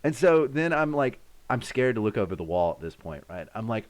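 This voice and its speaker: A man in his thirties hosting a live stream, casually telling a story to his chat and acting out sounds and shouts along the way. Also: medium pitch, brisk. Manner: animated, acts out sounds and his own shouts.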